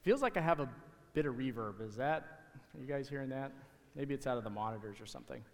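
A man talking to the kids in church, giving a casual, halting object lesson from the stage. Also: medium pitch, expressive. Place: church sanctuary. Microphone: handheld or stage mic. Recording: hall reverb in a sanctuary.

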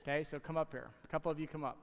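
Male pastor, slightly high voice, casual and halting, church hall reverb. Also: fairly even intonation, creaky. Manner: casual, halting, friendly with kids. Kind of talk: children's object lesson in church. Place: church sanctuary. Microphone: handheld or stage mic.

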